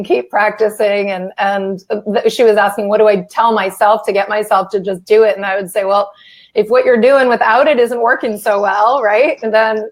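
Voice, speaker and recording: Thoughtful woman co-host. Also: medium pitch. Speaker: co-host therapist. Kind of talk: live Q&A chat.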